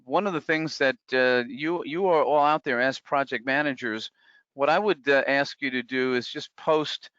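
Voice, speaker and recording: A man presenting a live webinar in a smooth, clear voice, talking conversationally with plenty of fillers and restarts. The sound is dry and a bit muffled, like a home computer mic. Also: medium pitch, normal speed, a bit bright, dry recording. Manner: conversational, many fillers and restarts, reads out chat comments.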